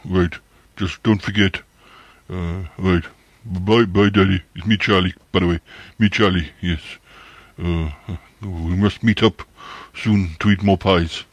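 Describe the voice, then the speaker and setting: A pompous pie-obsessed creature, as a man puts him on rambles with halting pauses. His voice is very low and husky. The sound is close and dry. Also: steady tone, no room sound. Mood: boastful. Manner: rambling, halting, self-important. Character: pompous pie-eating male creature celebrity.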